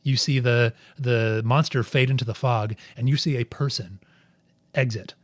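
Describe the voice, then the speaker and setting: A man's voice: medium pitch, steady tone, normal speed, no room sound. A man narrating as game master in a tabletop game, rambling and searching for words.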